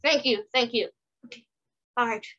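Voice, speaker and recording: Bright, high-voiced giggly woman co-host. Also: moderate pace, highs cut off, a little hiss or hum. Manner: giggly, playful. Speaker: podcast co-host. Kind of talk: casual podcast interviewing.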